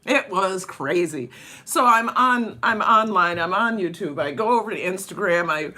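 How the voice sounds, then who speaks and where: A woman's voice: medium pitch, lively intonation, normal speed, sharp tone. A woman vlogging casually over breakfast at home, chatty and rambling, laughing often. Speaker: vlogger and dance teacher.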